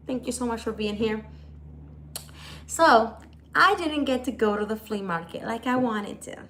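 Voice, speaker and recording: A woman's voice: fairly high pitch, pushed and bright. A woman hosting a casual live vlog from home, telling a story in an exasperated, rambling way. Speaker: creator hosting a live video. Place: at home, hot day.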